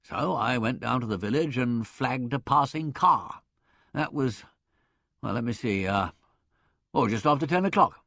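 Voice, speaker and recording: A man voicing a brash, hearty young Englishman in an audiobook, chatty and blustering, with loud laughs. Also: mid-range voice, animated, a little slow, gravelly, dry recording, studio quality. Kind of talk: audiobook character voice.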